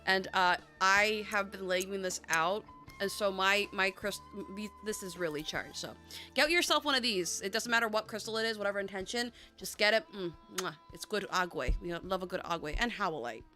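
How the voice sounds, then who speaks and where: A woman's voice: medium pitch, moderate pace, sharp tone, soft background music. Bubbly woman hosting a tarot livestream. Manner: chatty, bubbly, swears casually. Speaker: tarot reader and livestream host. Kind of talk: casual livestream chat.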